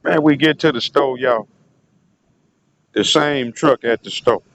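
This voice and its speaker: A man's voice: medium pitch, a little slow, fairly bright tone, a little hiss or hum. A man telling a rambling, profane story in a casual vlog monologue, often turning to speak to his audience. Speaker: vlogger.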